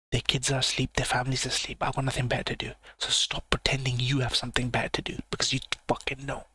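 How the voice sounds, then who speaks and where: A man hosting a late-night live-stream reaction in a hushed, low voice close to a sensitive mic, blunt and swearing as he rants. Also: slightly rough, dry recording. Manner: hushed low voice, not quite a whisper. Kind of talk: late-night livestream chat. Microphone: sensitive mic with gain turned up.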